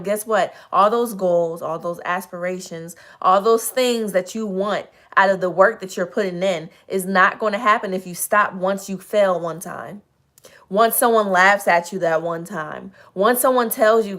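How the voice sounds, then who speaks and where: A woman hosting a casual motivational livestream, chatty and earnest, slightly hoarse, greeting viewers by name as she talks. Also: mid-range voice, moderate pace, fairly bright tone. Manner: earnest, encouraging, addresses audience as y'all. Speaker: livestream host.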